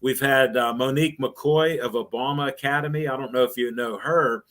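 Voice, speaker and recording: An older man, once a sports radio host, talks at a middle pitch. He rambles from one anecdote to the next, slipping into the voices of the people in his stories. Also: fairly even intonation, normal speed, a bit bright. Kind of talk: storytelling in a casual interview.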